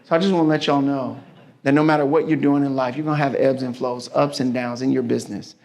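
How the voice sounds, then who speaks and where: Guy at a business mixer, gravelly voice, folksy preachy storytelling. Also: mid-range voice, steady tone, fast talker, darkish tone. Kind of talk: motivational talk with storytelling.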